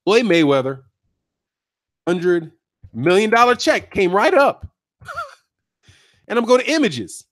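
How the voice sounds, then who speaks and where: A man hosting a boxing channel stream, chatty and animated, talking straight to his viewers and laughing often. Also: high voice, slow pace, pauses often. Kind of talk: live-stream boxing commentary.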